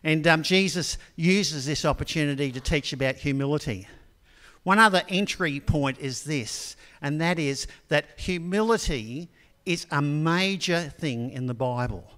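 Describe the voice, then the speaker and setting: An older man giving a sermon in a relaxed, conversational storytelling manner, with frequent ums. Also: a little high, measured pace. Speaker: preacher. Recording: long hall reverb.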